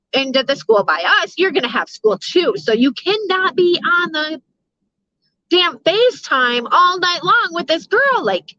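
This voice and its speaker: A woman's voice: sits high, bright, forceful tone, no echo. A middle-aged woman chatting casually with her live viewers, rambling, swearing freely and laughing often. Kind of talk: casual live-stream chat. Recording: dull, lo-fi sound.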